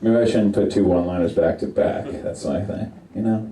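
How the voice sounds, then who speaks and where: A man's voice: low-pitched, brisk, dark tone. A man doing stand-up one-liners in a dry, self-deprecating way on a stage under lights. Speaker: stand-up comedian. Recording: roomy, mic at a distance.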